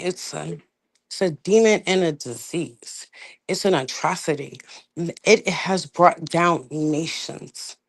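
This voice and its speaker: A woman hosting a livestream in a casual rant, profane and emphatic, dropping to low mutters and rising to loud outbursts. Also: dry recording. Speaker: livestream host.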